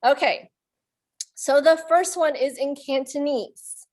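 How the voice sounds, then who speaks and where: A woman's voice: high-pitched, takes it slowly. A woman leading a children's storytime, reading aloud and playfully making animal sounds with the kids. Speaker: children's librarian.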